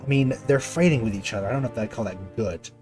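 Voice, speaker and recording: A man's voice: fairly low pitch, quick pace, a little mellow, soft background music. Man reading game text with offhand asides. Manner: offhand, self-deprecating asides. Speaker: streamer playing a story game.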